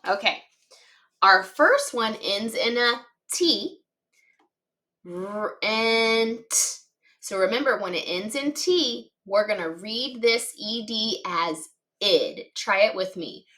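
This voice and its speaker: Slow, patient woman teaching phonics. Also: medium pitch, lively intonation, pushed and bright. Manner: patient, encouraging, sounds out letters one by one. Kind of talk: slow, clearly enunciated phonics lesson for children.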